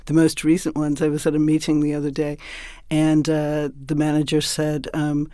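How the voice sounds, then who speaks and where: A man's voice: fairly high pitch, completely flat delivery, moderate pace, mellow, smooth, no room sound, clean studio sound. A man answering interview questions thoughtfully, explaining with frequent restarts and asides. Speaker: linguist guest.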